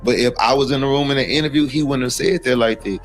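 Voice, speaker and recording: A man's voice: medium pitch, quick pace, faint music behind. A man from Texas talking as an interview guest, heated and profane, rambling with frequent asides. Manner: heated, profane, rambling, often says "you know what I'm saying". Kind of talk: casual interview talk.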